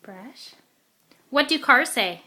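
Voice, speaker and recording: A woman with a high, bright, ringing voice speaks slowly and patiently to a toddler. She coaxes and repeats each word with care, as a mother teaching first words at home. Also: animated.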